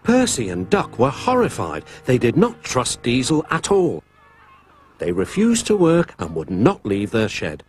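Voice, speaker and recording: Male storyteller, animated, mid pitch, music bed. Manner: expressive, lilting storyteller delivery. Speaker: narrator. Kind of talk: scripted storybook narration.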